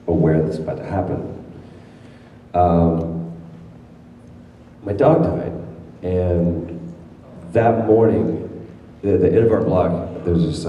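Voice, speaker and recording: A man's voice: deep voice, warm tone, slight background noise. A man telling stories at a convention panel, rambling and restarting his sentences, often laughing. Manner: rambling, self-interrupting storyteller with frequent laughs. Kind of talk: casual panel talk. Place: large convention hall. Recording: echoey hall from far off.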